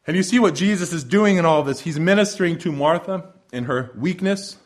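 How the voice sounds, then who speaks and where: A pastor preaching a sermon expressively, moving between soft hushed lines and loud proclamations. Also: male voice, on the high side, brisk, few pauses.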